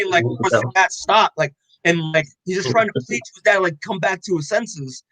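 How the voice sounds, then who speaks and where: A young man co-hosting a podcast, excitedly recapping a comic in loose casual chat, full of "like" and swearing, acting out the characters' lines. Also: sits high, a little fast, dry recording, poor audio. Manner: excited, loose, heavy on "like" and swearing, acts out quotes. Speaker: podcast co-host.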